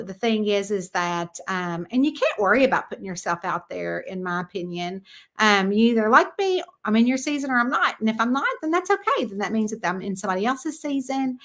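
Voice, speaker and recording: A woman's voice: mid-range voice, sharp tone. A middle-aged woman, an author hosting a casual live chat, rambling and chatty with lots of fillers.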